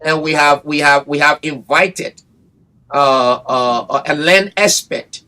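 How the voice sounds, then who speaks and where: A man speaks as a guest on a radio breakfast show. His voice sits fairly high, and he talks with emphasis, going back over his phrases. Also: a bit bright. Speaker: bar association representative. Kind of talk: radio interview. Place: radio studio.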